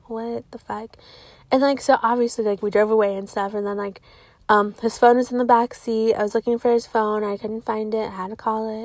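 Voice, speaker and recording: A young woman chats straight to camera in a casual storytime monologue. Her voice sits a bit high, and the sound is dry and close with no room echo. She is blunt and outspoken, swears freely and leans on "like" between almost every phrase. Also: a little mellow. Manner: profane, filler-heavy talk with constant "like". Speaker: vlogger telling a personal story.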